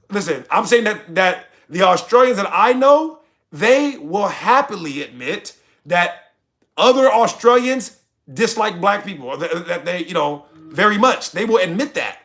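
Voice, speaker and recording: A man's voice: high voice, a bit bright. A man streaming to his chat, arguing in a heated, sarcastic rant. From United States. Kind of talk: livestream rant.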